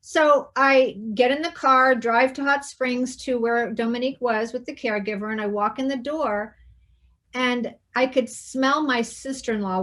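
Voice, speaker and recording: A woman hosting an interview, telling a personal story in a soft, hushed way and acting out the quoted dialogue. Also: a little high. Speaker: interview host.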